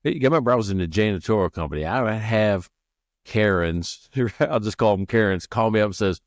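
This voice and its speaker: Podcast co-host, male, lowish voice, casual storyteller who laughs a lot and restarts sentences, dry close mic. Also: fairly quick, no room sound. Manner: laughs often, stammers and restarts, acts out quoted people. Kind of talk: casual chat.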